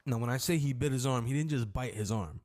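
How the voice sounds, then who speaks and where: A young man talks through a story time in a loose, rambling way, full of slang and cursing. His voice sits at an ordinary middle pitch. Now and then he breaks into loud, acted-out shouts when quoting people. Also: fast talker. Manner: rambling, slangy, swearing freely. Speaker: storyteller vlogger.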